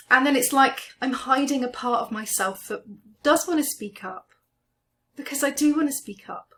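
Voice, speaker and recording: A woman coaching a guided EFT tapping session, speaking slowly and gently as she names each tapping point. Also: on the high side. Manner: slow, gentle, soothing guidance.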